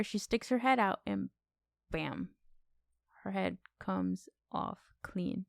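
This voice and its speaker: A woman co-hosting a podcast, talking through a film in animated casual chat and swearing freely. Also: mid-range voice, slow pace, creaky, clean tone, dry recording. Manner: animated, swears freely, repeats questions for effect. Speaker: podcast co-host. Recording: dry close recording.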